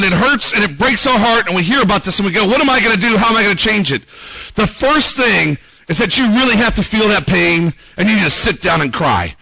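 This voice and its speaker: Bright high-voiced man preaching casually. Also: vocal fry, low-quality recording. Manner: conversational preaching, reads scripture aloud, rhetorical questions. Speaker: pastor. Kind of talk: sermon.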